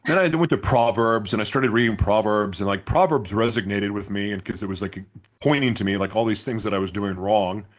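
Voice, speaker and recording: A man's voice: lowish voice, a little fast. A man guest in an interview, telling his story candidly and confessionally, swearing at times.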